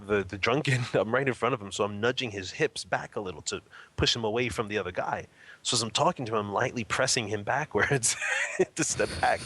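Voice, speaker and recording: A man telling an anecdote in a casual, animated way, laughing often and acting out what people said. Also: fairly low pitch. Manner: animated, laughing often, acts out quoted lines. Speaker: interview guest. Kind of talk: casual storytelling.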